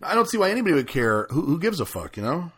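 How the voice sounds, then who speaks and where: A man's voice: on the high side, very animated, fast, a crowd in the background. A man hosting a podcast, trading loose, profane banter with his co-host. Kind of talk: casual chat.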